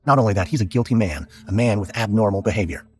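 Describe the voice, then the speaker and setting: A man narrating a scripted history drama podcast in a measured, dramatic storytelling manner. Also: on the low side, a little mellow.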